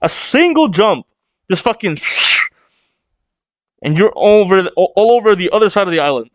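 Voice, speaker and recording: Young guy reacting to comics, high lively voice, swears a lot, dry kinda dull mic. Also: moderate pace, dry recording. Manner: excitable, swears, laughs often. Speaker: reaction streamer. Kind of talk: casual reaction reading.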